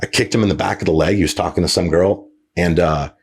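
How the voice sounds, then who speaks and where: A man's voice: deep voice, quick pace, slight background noise. A man hosting a podcast, telling a story casually with lots of fillers, restarts and swearing. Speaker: podcast host.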